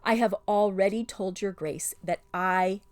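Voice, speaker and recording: A woman's voice: medium pitch, fairly even intonation, unhurried, lightly acted. A woman voicing a young prince who speaks sternly and formally.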